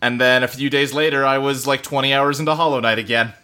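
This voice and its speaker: A man's voice: mid-range voice, steady tone, fast, sharp tone, smooth. A man co-hosting a casual chat about games from his home office, speaking loosely with lots of fillers and the odd curse word. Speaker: podcast co-host. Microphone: desktop computer setup.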